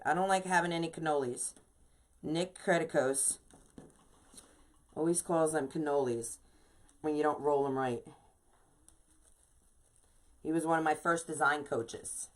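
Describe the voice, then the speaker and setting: New woman, lowish voice, chatty live craft teacher who greets viewers as she goes. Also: normal speed, long pauses. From New York. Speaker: wreath designer teaching a live class. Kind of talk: casual live-stream craft tutorial.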